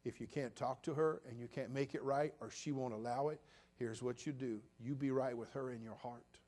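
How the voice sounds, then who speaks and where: A pastor in his sixties preaching a sermon, swinging between loud bursts and quiet, low asides. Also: fairly even intonation, moderate pace. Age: 60s.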